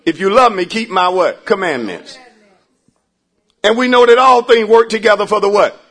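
High-voiced preacher guy, bright and husky, big swings, call-and-response. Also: moderate pace. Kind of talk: sermon. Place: church.

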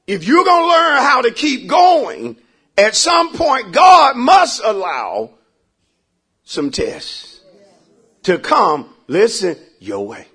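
High-voiced preacher guy, bright and husky, big swings, call-and-response. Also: huge pitch swings, takes it slowly. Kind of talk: sermon. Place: church.

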